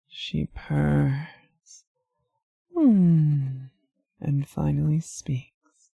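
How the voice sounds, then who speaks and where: A woman narrating an erotic story in the second person, in a slow, hushed, low-key way. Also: fairly even intonation, vocal fry, husky, dry recording.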